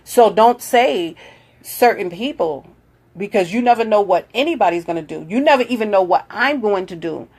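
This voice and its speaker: A woman's voice: mid-range voice, expressive, normal speed. Chatty motherly woman on a live stream. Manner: chatty, reads out viewer comments and greets them warmly; motherly, coaching tone. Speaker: livestream host. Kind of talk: casual live video chat.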